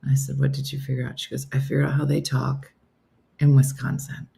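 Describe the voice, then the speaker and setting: A middle-aged woman hosts a comedy morning show, chatting casually as she tells stories and reads viewer comments aloud. Her voice is a rumbling low, gravelly and dark, with a flat, brisk delivery.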